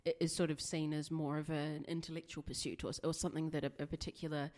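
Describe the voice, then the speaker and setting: A woman from Australia with a low voice co-hosts a book podcast. She rambles through her points with plenty of fillers. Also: little pitch movement, fast, a little mellow. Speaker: podcast co-host, bookshop owner. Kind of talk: casual chat.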